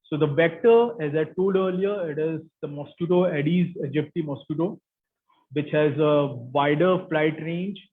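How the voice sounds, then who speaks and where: A man's voice: on the high side, measured pace. A man with an Indian English accent giving an academic lecture as guest speaker, explaining steadily with frequent fillers. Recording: tinny phone-like line.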